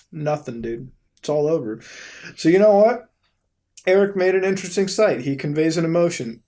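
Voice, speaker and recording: A man hosting a casual commentary while browsing websites, rambling and swearing freely, often breaking into high-pitched laughter. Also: darkish tone. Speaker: host.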